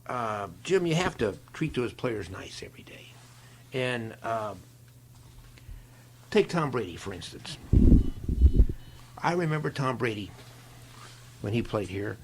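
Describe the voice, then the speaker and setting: An older man, a guest in an interview, telling stories in a folksy, animated way, with a gravelly, husky voice. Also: mid-range voice, a little slow, pauses often, noisy background. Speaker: interview guest, longtime equipment manager. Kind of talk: storytelling in a conversation.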